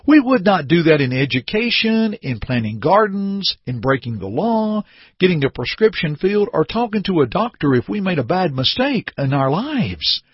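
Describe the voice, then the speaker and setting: Animated, husky-voiced radio preacher. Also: male voice, high voice, normal speed, dry recording, highs cut off. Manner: earnest, animated preaching with acted-out little scenes. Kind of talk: radio sermon.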